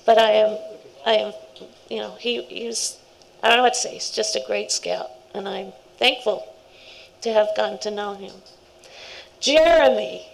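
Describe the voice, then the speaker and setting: A woman's voice: mid-range voice, moderate pace, gravelly, long pauses, rough recording. A middle-aged woman, a scout leader, giving a rambling, heartfelt speech at a ceremony, with laughing asides.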